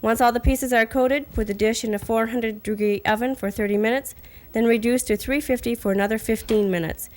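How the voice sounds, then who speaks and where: A woman hosting a cooking segment in a TV studio kitchen, giving steady, friendly step-by-step recipe narration. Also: a little high, brisk.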